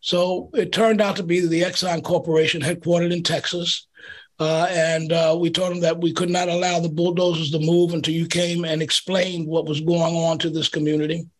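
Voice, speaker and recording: A man with a high, husky voice tells a community story with lively energy. He is a middle-aged pastor speaking in an interview, and he acts out the quotes as he goes. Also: normal speed.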